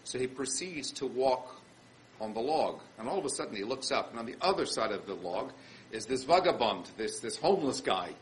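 A man, a rabbi, telling a story in an animated sermon style and acting out the quotes. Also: medium pitch, brisk, slight background noise, poor audio.

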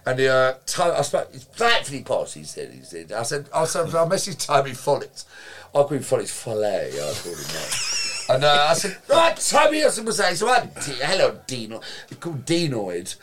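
A man, a guest telling lively anecdotes in casual chat, swearing freely and acting out quotes. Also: medium pitch, brisk, a little hiss or hum. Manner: animated, swears freely, acts out quotes, laughs while telling.

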